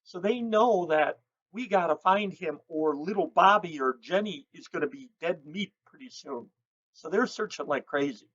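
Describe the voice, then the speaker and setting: A woman raptor educator telling lively stories and mimicking bird calls as she explains owl behavior. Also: lowish voice, moderate pace, slightly rough, highs cut off. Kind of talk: educational storytelling.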